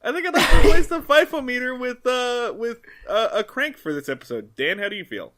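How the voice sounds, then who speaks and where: A man co-hosting a casual podcast chat, animated and quick to joke. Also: extremely high pitch. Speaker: podcast co-host.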